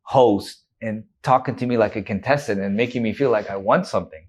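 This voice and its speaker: A man's voice: lowish voice, brisk, breathy edge. A man in his thirties, a guest in an interview, candidly retelling a personal story with emotion and quoted dialogue.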